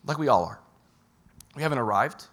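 A man preaching a sermon in a conversational way, asking the listeners questions and swinging from loud bursts to quiet lines. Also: mid-range voice, lively intonation, a little fast. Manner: conversational, asks the audience direct questions. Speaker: pastor.

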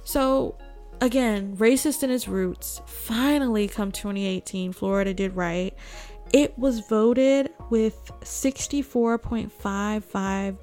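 A woman's voice: mid-range voice, takes it slowly, darkish tone, faint music behind. A woman hosting a political news commentary, talking sarcastically and throwing out rhetorical questions to her viewers. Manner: sarcastic, asks rhetorical "guess what" questions. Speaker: host.

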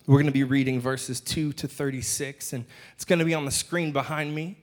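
A man's voice: mid-range voice, brisk. A man preaching a sermon, telling stories from his own week with jokes in between, on a church stage. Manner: animated, jokey storyteller. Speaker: pastor. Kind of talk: sermon with personal storytelling. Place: church stage with a screen behind.

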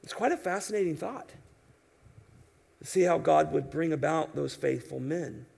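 A man's voice: a little high, expressive, normal speed, creaky, a little mellow, breathy edge. A man preaching an expository sermon in an emphatic, conversational way, asking his listeners rhetorical questions. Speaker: pastor.

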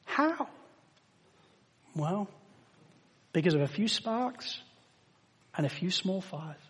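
An English man preaching a sermon to a congregation, emphatic, slowing down to stress words and rising in volume at key points. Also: high-pitched, expressive, a bit bright, breathy edge. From England. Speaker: pastor. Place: church hall with long reverb. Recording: reverberant church hall.

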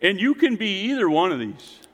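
Preaching man, high voice in a reverberant hall. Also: sing-song, normal speed. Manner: dynamic preaching, rising to loud exclamations and dropping to quiet intensity. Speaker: pastor. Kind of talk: sermon. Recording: long reverb of a church hall.

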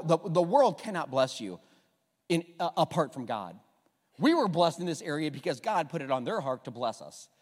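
A man preaching a humorous sermon as pastor, joking and getting the congregation to repeat lines back. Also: medium pitch. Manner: animated, jokey, asks the congregation to repeat lines. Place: church sanctuary. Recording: long hall reverb.

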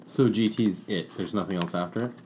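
A woman's voice: a bass voice, a little fast, a little mellow, a little hiss or hum. A woman in a casual chat, teasing her friends bluntly and laughing a lot.

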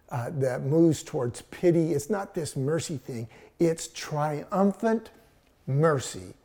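An older man, a pastor with grandchildren, preaching a sermon, telling a story and then slowing down to stress words, sometimes dropping close to a whisper. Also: fairly high pitch, mellow. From Texas.

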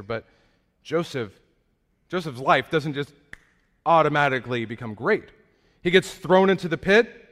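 A man's voice: fairly high pitch, a bit bright, big-room sound. A man preaching a conversational sermon as a pastor, asking his congregation rhetorical questions.

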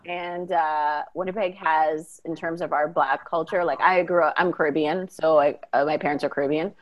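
Low-voiced Canadian-born woman talking. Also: steady tone, moderate pace. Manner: talkative, keeps checking with "right?". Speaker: podcast co-host. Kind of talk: casual discussion.

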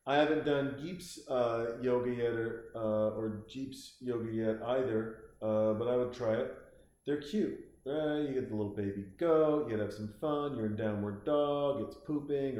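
A man's voice: mid-range voice, a little mellow. Man, host, casual comic rambling, profane, frequent restarts, very echoey room.

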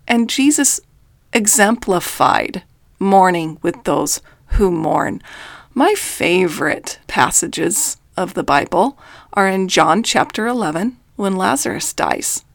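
A woman's voice: mid-range voice, dry recording, studio quality. A middle-aged woman coach giving an earnest, emphatic faith-based reflective talk. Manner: earnest, emphatic, with quoted voices. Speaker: life coach.

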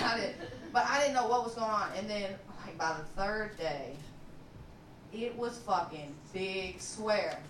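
A woman's voice: on the high side, a bit bright. A young woman from Chicago telling crude stories in a live stand-up set, laughing as she talks. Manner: crude, rowdy, laughing through her stories. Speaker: stand-up comic. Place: live comedy venue. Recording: echoey room, distant mic, noisy.

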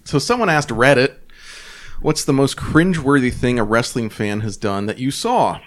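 A man co-hosting a casual podcast, reading a forum story aloud with laughs and animated delivery. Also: mid-range voice, moderate pace. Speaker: podcast co-host.

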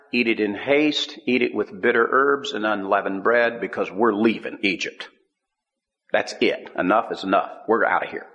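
A man preaching a sermon, teaching scripture with an emphatic, drawn-out cadence. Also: fairly low pitch, vocal fry, fairly bright tone. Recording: long hall reverb.

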